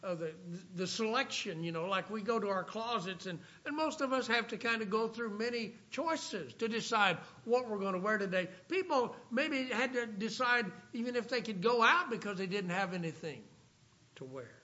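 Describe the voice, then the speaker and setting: A man preaching a sermon, reading scripture aloud and slowing down for emphasis. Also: sits high, animated, sharp tone. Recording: dull lo-fi recording.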